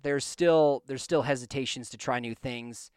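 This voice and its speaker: A man in the middle of pitch talks on his own podcast, hiccuping and coughing now and then. His voice is smooth and resonant, and the room sounds dry. He rambles earnestly and restarts his sentences often. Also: moderate pace, a little mellow, dry recording. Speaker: podcast host. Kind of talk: casual solo podcast monologue. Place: home basement studio.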